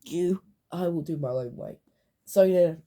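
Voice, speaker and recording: A woman YouTuber talking in loose, casual commentary. She drifts into offhand asides and fills pauses with ums and uhs. Her voice sits a little low and sounds soft and mellow. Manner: rambling, full of fillers and offhand asides.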